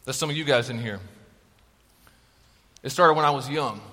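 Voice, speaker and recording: A young man, a youth pastor, preaching to a crowd of students in an upbeat, joking, energetic way. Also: medium pitch, moderate pace. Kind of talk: youth sermon. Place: large worship hall. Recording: long hall reverb.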